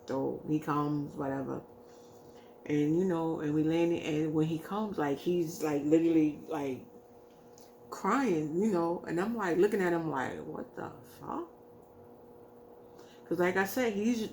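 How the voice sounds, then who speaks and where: A woman's voice: lowish voice, darkish tone, slight background noise. A woman vlogger casually telling a personal story, rambling with lots of fillers and acting out what people said. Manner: rambling, heavy use of "like" and "you know"; acts out quoted lines in her retelling.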